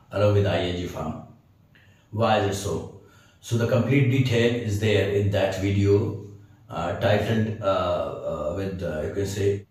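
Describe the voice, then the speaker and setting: A man's voice: on the low side, a little mellow. A man teaching an English grammar lesson, hesitating often with fillers and checking that listeners understand. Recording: very echoey room, mic far off.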